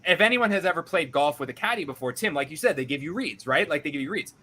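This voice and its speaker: A young man hosting a podcast, telling a story in an animated, self-deprecating way and acting out what others said. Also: on the high side, fast talker. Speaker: podcast host. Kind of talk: casual storytelling.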